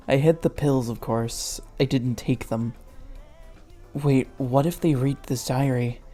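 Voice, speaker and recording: Brief: unhurried, mellow-voiced reader roasting a fan fiction, sarcastic and crude, faint music underneath. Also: medium pitch. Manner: sarcastic, swears, laughs at the text. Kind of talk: mocking read-aloud commentary.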